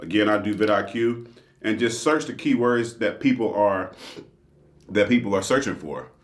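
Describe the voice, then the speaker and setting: A man with a low voice talks casually to his viewers, upbeat and chatty as he eats. His voice bounces around a roomy indoor space. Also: moderate pace. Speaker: channel host. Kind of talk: casual vlog talk to viewers. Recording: roomy echo.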